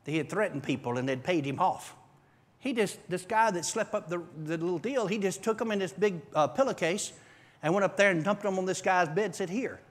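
A man preaching a testimony to a church congregation, telling his story in an animated way with bursts of shouting and laughter. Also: high-pitched, fairly quick. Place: church service.

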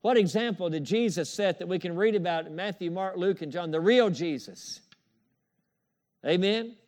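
A man's voice: high-pitched, moderate pace, a little mellow. A man preaching a sermon in an emphatic, repetitive style, calling for amens and chuckling as he goes. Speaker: pastor.

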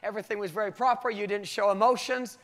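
High-voiced British preacher telling a story. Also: male voice, fast talker. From Britain. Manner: animated storytelling with frequent laughter. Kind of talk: sermon with personal story.

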